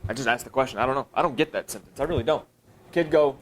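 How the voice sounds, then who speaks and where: In a high school room filled with listeners, a man runs a teacher training workshop at a quick pace. Animated throughout, he thinks aloud, fields his own questions, and spikes his pitch upward for emphasis. The audio comes from a camera filming the live session.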